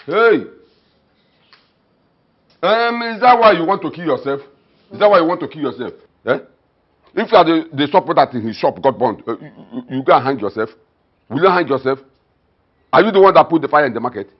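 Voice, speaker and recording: A man's voice: fairly high pitch, lively intonation, brisk, long pauses. An actor with a Nigerian accent playing a scornful, stubborn middle-aged father who mocks and gives orders. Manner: mocking, dismissive, orders people about. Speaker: father of the household. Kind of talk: Nollywood film drama. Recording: dull film audio with music behind.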